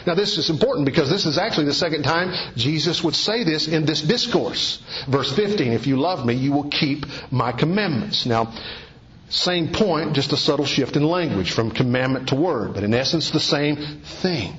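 A male pastor with a high voice delivers an earnest sermon, driving his points home with rhetorical questions and repeated phrases. The sound is roomy and echoey, as in a church hall. The recording is a little dull and muffled. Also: animated, moderate pace, a bit bright. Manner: earnest preaching with emphatic lists and rhetorical questions. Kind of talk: expository sermon.

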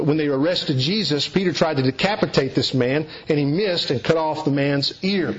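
Southern male preacher, folksy explainer, voice on the high side, muffled lo-fi sound. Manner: explanatory, folksy, occasional restarts. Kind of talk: Bible teaching sermon. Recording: dull lo-fi recording.

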